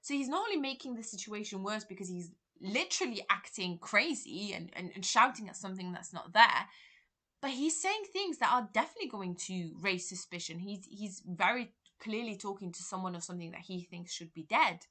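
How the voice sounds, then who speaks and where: Bright-voiced woman teacher. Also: mid-range voice, animated, brisk. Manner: explanatory, paraphrasing quotes with frequent "kind of". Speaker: English teacher and examiner. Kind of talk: revision lesson.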